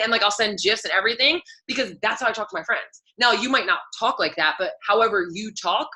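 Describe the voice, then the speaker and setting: A woman's voice: on the high side, animated, a little fast, hardly any pauses, pushed and bright, rough recording. A woman fitness coach talking casually and candidly to her team, full of fillers and asides. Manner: chatty, filler-heavy, candid. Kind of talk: casual live coaching talk.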